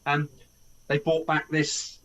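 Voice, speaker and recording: A man's voice: on the high side, monotone, takes it slowly, a bit bright, a little hiss or hum, poor audio. A man hosting a film podcast, telling a plot in a rambling casual way, with many restarts and acted-out lines. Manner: rambling, restarts a lot, acts out characters' lines. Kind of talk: casual film review chat.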